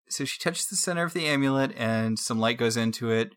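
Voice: mid-range voice, normal speed, fairly bright tone. A podcast co-host recapping a show in casual chat, with dry, wry asides.

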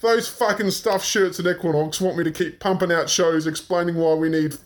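A man playing a gruff, foul-mouthed, menacing crooked uncle in a comedy podcast sketch. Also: high-pitched, fairly even intonation, moderate pace, close to an everyday voice. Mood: scornful. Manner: gruff, swearing, threatening.

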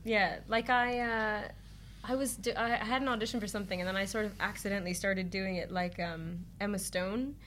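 A woman's voice: mid-range voice, steady tone, brisk, fairly bright tone, slight background noise. A woman comedy guest chatting casually on a live podcast, giggly and full of stories. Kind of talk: casual chat. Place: live podcast at a pub venue.

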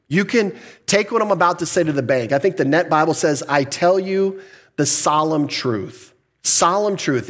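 A man preaching a sermon in a conversational teaching manner, explaining scripture and acting out the people he quotes. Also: on the high side. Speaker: pastor.

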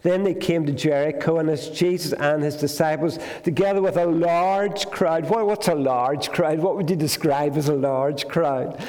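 Chatty preacher in a reverberant church. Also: male voice, on the high side, fairly even intonation, moderate pace, hardly any pauses, darkish tone. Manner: conversational, asks the congregation questions. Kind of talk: sermon. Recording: long hall reverb.

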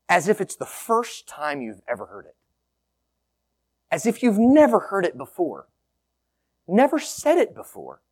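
Slow, expressive male pastor preaching. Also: fairly high pitch. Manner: slow, lively, rising and falling delivery. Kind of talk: sermon.

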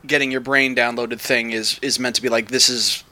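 A man's voice: medium pitch, fairly even intonation, moderate pace, over a noisy crowd. A man guesting on a podcast, explaining things at length in a rambling, enthusiastic way. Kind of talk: casual podcast chat.

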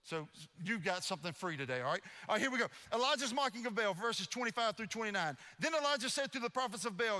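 Bright-voiced pastor preaching in an echoey hall. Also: male voice, high-pitched, quick pace, few pauses. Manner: animated storytelling, playfully mocking. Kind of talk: sermon. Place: church sanctuary.

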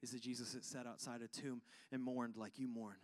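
A man preaching a sermon, fervent and chatty, calling out to the congregation and swinging from hushed tones to loud ones. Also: mid-range voice, little pitch movement, fairly quick. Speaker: pastor.

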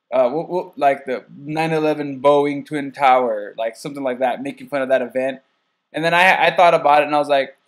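A man in casual conversation, talking in a halting, rambling way and swearing freely. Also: mid-range voice.

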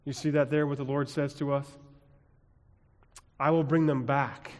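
A man preaching and praying as a pastor, telling a story dramatically, dropping quiet and then building emphasis. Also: a little high, little pitch movement, normal speed. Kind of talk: sermon. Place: church sanctuary. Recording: long church reverb.

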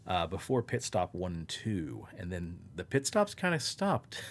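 A man co-hosts a casual podcast chat in a loose, rambling, profane way, staying upbeat and chatty. His voice sits low with huge pitch swings, and he speaks at a measured pace.

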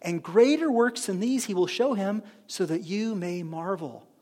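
A man delivers a sermon in a high-pitched, lively voice. He restarts phrases often and keeps checking in with the congregation. His words ring out with a long hall reverb. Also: measured pace. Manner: animated preaching with repeated restarts and asides to the congregation. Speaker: pastor.

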